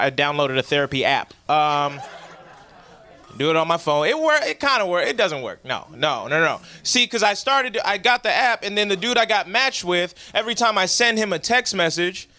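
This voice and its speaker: A man's voice: fairly high pitch, sharp tone, clear, resonant tone. A young man doing a stand-up comedy set, talking in a loose, profane, conversational way and acting out the voices he quotes.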